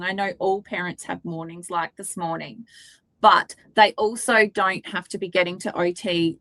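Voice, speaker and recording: A woman's voice: fairly low pitch, fairly bright tone, no echo. A woman in her thirties with an Australian accent, co-hosting a live webinar and telling a candid, chatty story with some mild swearing. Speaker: webinar co-host. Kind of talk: casual live webinar chat.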